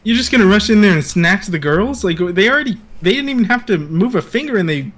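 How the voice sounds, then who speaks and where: A man guesting on a casual TV review podcast, talking in a relaxed, rambling way with many fillers. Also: sits high. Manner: relaxed, drawn-out, many likes and uhs.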